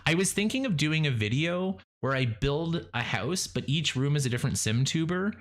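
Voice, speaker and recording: Chatty rambling male streamer. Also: moderate pace. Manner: rambling, many fillers and restarts; animated, jumps up in pitch when excited. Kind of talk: casual live-stream gameplay chat.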